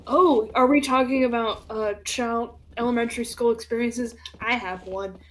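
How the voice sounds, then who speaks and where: A young woman with a slightly high voice tells stories on her stream in a loose, animated way. She laughs easily, swears freely and acts out what people said. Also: moderate pace, slight background noise. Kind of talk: casual storytelling chat.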